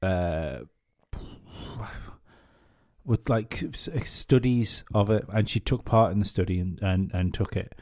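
Mellow-voiced podcast guy, rambly, swears a lot, keeps restarting. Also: sits low, takes it slowly, pauses often. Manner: rambling storyteller, swears freely, many restarts. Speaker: podcast co-host. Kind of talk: casual chat.

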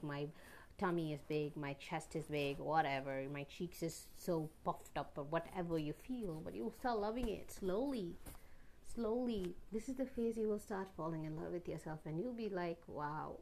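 A young woman talking earnestly to the camera about being alone and loving herself, rambling with restarts and occasional sudden loud bursts. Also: lowish voice. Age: young adult. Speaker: vlogger. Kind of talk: personal reflective monologue.

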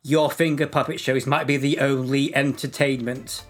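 A man co-hosting a comedy podcast, telling odd facts in a dry, deadpan way. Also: mid-range voice, moderate pace, loud music behind the voice. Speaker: podcast co-host presenting facts. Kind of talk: casual comedic podcast chat.

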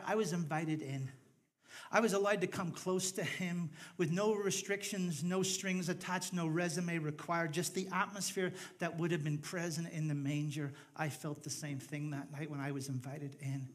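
Northern Irish male preacher, middle-aged, slightly high voice, jokey storytelling turning fervent. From Northern Ireland. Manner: humorous storytelling, rising to fervent appeal. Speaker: pastor. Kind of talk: sermon.

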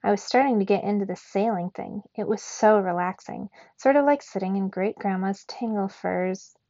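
A woman reading a children's storybook aloud in a slow, expressive way, as a teacher for young students. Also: mid-range voice. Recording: dull, dry recording.

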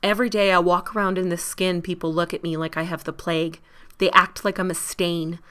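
A woman's voice: lowish voice, little pitch movement, a little fast, fairly bright tone, clear, resonant tone, lightly acted. A woman voicing a frustrated, hurt young woman who insists on her own decisions, earnest and pleading.

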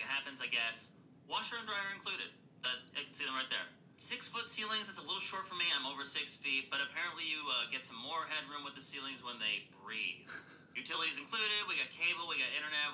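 Wry, very bright-voiced man. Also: on the high side, a little hiss or hum, rough recording. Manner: sarcastic, wry reading of a rental listing. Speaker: social media creator. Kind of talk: comedic video commentary.

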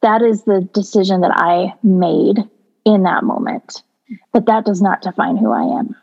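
A woman's voice: medium pitch, steady tone, a little slow, creaky, darkish tone. A woman talks about faith with strong feeling, stacking up repeated phrases to drive her point home. Her voice comes through a slightly dull, muffled recording. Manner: emotional, repetitive, emphatic. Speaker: co-host of a Christian talk show. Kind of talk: heartfelt faith discussion.

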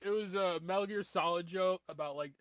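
Male podcast host, bright and animated, quick to laugh. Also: sits high, clear, resonant tone, dry recording. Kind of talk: casual chat.

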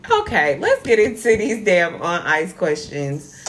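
A woman's voice: on the low side, wildly swooping pitch, unhurried. A woman co-hosting a podcast, telling a story in laid-back, slangy, profane casual chat. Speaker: podcast co-host.

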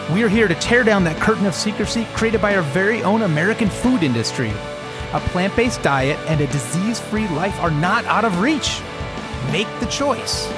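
A man delivering a bold, rallying scripted show intro. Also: sits high. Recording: over loud music.

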